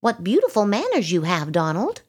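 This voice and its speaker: A woman's voice: medium pitch, wildly swooping pitch, normal speed, a little mellow, slightly rough, voice pushed up. A woman voicing a fussy, motherly ladybug in a storybook reading, prim and scolding but polite. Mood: admiring. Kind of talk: storybook read-aloud.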